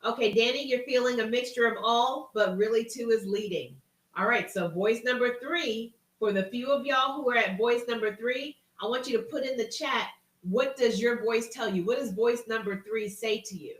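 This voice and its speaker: A woman's voice: a little high, normal speed, recorded from a distance. A woman hosting a live stream, talking casually and reading names from the chat with folksy encouragement. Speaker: live-stream host and coach. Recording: roomy sound from off-mic.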